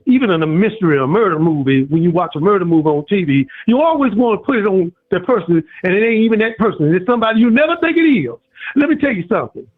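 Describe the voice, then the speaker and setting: High-pitched man ranting over a phone line. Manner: preachy, repetitive, animated storytelling. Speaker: caller. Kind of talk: impassioned call-in rant.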